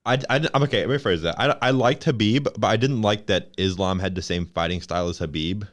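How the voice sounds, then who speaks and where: A man's voice: fairly low pitch, quick pace, dry recording, studio quality. A man co-hosting a podcast in casual chat, rambling and leaning on filler words. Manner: rambling, heavy use of "like". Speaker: podcast co-host.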